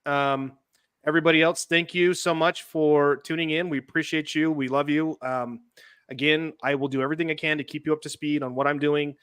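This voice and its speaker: A man's voice: on the high side, flat delivery, fairly quick, a bit bright, clear, resonant tone, no echo, studio quality. A man hosting a casual podcast, chatting loosely, reading documents aloud and making laughing asides. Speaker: host.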